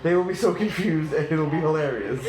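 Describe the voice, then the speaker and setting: A man's voice: fairly high pitch, expressive, a little fast, a crowd in the background. A young man hosting a casual group chat at a summer camp, playful and rambling, often restarting his sentences. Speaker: video host, former camp staffer. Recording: roomy echo.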